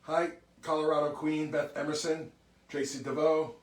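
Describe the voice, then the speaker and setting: A man's voice: a little high, level tone, moderate pace, far from the mic. Chatty man greeting livestream viewers, roomy. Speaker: musician hosting a livestream. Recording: roomy sound from off mic.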